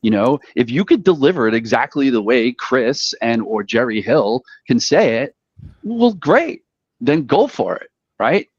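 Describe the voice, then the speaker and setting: A man giving earnest advice about sales tips, halting and repeating words as he talks. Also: medium pitch, very animated, slightly rough, dry recording. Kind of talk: casual chat about cold calling. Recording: dull dry lo-fi sound.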